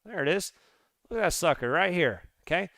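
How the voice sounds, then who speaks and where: A man who trades crypto, going over charts live in an excitable, rambling way and talking straight to his viewers. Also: high-pitched, fairly quick, no room sound. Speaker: crypto trader and channel host.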